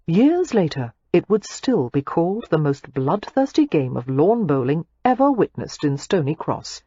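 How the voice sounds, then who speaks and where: Expressive woman narrating an audiobook. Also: low-pitched, unhurried, husky, no room sound, dull audio. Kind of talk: scripted narration.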